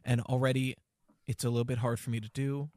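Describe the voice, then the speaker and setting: A man's voice: medium pitch, level tone, fast, a little mellow. A man hosting a podcast, explaining things in a loose, rambling casual chat with lots of fillers. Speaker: podcast host.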